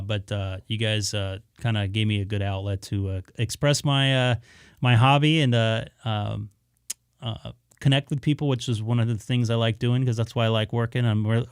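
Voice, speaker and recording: A man's voice: mid-range voice, smooth, no echo, clean studio sound. A man chatting casually to viewers on his amateur radio live stream, rambling with many fillers in an easygoing way. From Southern California.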